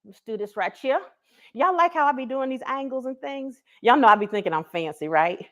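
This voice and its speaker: Lively woman hosting a cooking stream. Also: high-pitched, brisk. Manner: chatty, laughing, talks straight to viewers. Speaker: cooking show host. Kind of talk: live cooking stream chat. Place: home kitchen. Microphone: camera she set up herself.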